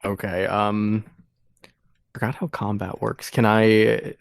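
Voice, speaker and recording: A man playing a tabletop game, talking hesitantly with many pauses and restarts. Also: fairly low pitch, little pitch movement, vocal fry, smooth, no room sound. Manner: hesitant, full of ums and restarts. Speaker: player.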